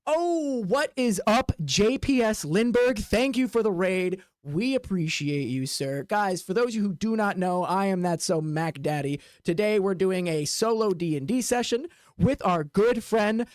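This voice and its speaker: A man streaming as game master for a tabletop game, narrating in a rambling, filler-heavy way and dropping into quick voiced asides. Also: sits high, animated, smooth, dry recording, studio quality.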